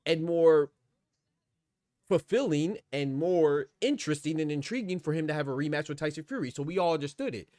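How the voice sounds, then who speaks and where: On his live boxing podcast, this man argues insistently and rambles, reads chat comments aloud, and keeps saying "man." His voice is a little high and a little mellow, captured as clean studio sound with no room sound.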